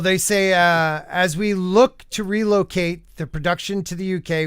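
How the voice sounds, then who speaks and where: A man's voice: high-pitched, a bit bright, clean tone, no room sound, studio quality. A man hosting a casual podcast panel chat, blunt and profane, who keeps tripping over words as he reads aloud. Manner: stumbles over words while reading aloud. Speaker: podcast host.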